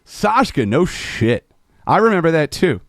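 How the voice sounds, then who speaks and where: A man's voice: on the high side, big pitch swings, unhurried, no room sound, clean studio sound. A man chatting on a live stream between folk songs, laid-back, swearing casually and laughing at his own jokes.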